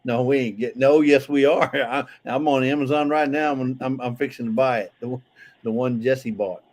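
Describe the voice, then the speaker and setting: A man's voice: mid-range voice, flat delivery, moderate pace. A man casually chatting on a livestream, reading out viewer comments, joking, and talking with frequent restarts. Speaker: livestream co-host.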